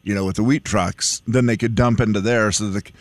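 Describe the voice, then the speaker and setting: A man's voice: on the low side, steady tone, brisk, no room sound. A man co-hosting a radio show, chatting easily and explaining farm work. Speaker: radio co-host. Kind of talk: casual chat.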